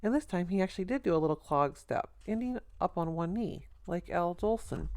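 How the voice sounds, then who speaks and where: Low dry-voiced woman narrating. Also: animated, brisk, few pauses, a little mellow, no echo. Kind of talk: audiobook narration.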